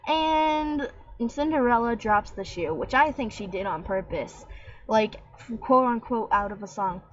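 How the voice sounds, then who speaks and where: A young woman with a somewhat high voice rants in a casual vlog. She rambles and mocks with sarcasm. The webcam audio sounds dull and lo-fi. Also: lively intonation, a little slow. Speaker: vlogger. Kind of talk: casual rant.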